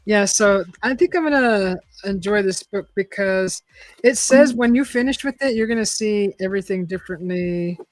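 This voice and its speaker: A middle-aged woman hosting a relaxed chat show, rambling and chatty as she talks to her viewers and reads from a book. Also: mid-range voice, moderate pace, dry recording, poor audio. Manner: rambling and chatty, with frequent restarts and laughs. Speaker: host. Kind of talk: casual chat and reading aloud.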